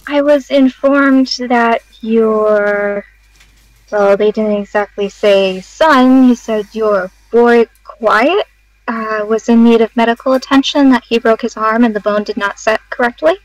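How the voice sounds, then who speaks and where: A woman plays her tabletop character in a measured, courteous tone. Her voice sits a bit high, and the recording is dry and close. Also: dry recording, poor audio. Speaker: player.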